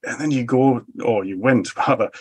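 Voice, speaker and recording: A man in his forties with a New Zealand accent, explaining his views in a measured way in an interview. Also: medium pitch, husky. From Germany. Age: 40s. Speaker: think tank head. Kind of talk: interview answers.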